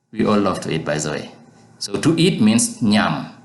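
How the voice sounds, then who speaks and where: Man, very deep voice, patient language teacher, repeats words slowly, echoey room. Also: big pitch swings. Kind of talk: language lesson.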